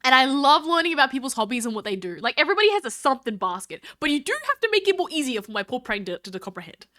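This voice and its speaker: A woman's voice: high-pitched, sing-song, very fast, bright, forceful tone. A woman chatting casually on a live stream, reading chat aloud and thanking viewers in a bubbly, scattered way.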